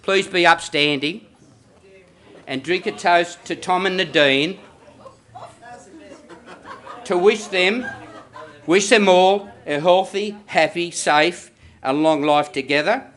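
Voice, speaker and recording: A middle-aged Australian man gives a rambling, joking wedding toast at a reception. His voice is bright and fairly high for a man, and he stumbles through fillers and restarts as he goes. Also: takes it slowly, pauses often. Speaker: father of the groom giving a wedding speech.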